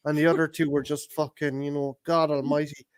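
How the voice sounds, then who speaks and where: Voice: medium pitch, level tone, fairly quick, clean tone. A co-host chatting casually about a movie, rambling with lots of restarts and heavy swearing. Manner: rambling and profane, with many restarts; acts out scenes in quoted voices.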